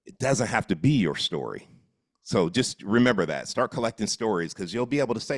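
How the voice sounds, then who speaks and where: A man running a live coaching session on a video call, energetic and instructive. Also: lowish voice, a little fast, husky, dry recording, studio quality. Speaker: real estate coach.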